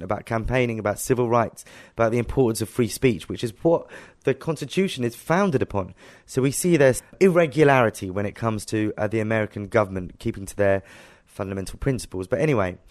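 A man, an activist guest telling a story in a casual interview with animated delivery. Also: medium pitch, quick pace. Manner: animated storytelling, acting out dialogue.

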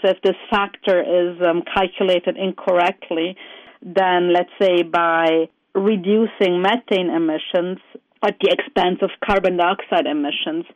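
Heard on a tinny phone-style line, this climate-science guest fields interview questions deliberately, with lots of ums and repeated words. The recording is dry, and the voice is mid-range.

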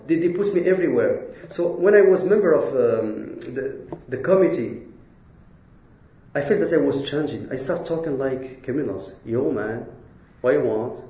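A man telling his own story in earnest, halting non-native English, restarting his sentences often. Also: medium pitch, dark tone, roomy sound, muffled recording. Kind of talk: personal storytelling talk.

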